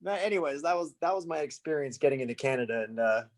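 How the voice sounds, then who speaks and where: A man's voice: a little high, animated, quick pace. Laid-back American man telling a story. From United States. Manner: loose, laughing anecdote with lots of "like". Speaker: musician guest. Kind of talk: casual storytelling.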